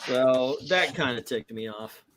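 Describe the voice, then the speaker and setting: A middle-aged man hosting a casual comic book livestream, animated and acting out quotes in little voices. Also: mid-range voice, measured pace, a little hiss or hum. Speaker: comic book show host.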